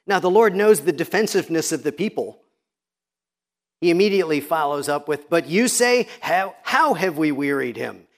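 Pastor, male, high-pitched, measured expository preaching with dramatic pauses on quotes. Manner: expository preaching, quoting scripture with emphatic pauses. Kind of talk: sermon.

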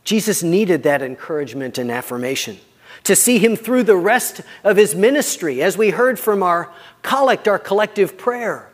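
A man preaching a sermon as pastor, earnest and conversational, often dropping his voice quietly for emphasis. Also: high-pitched, lively intonation, moderate pace, in a large hall.

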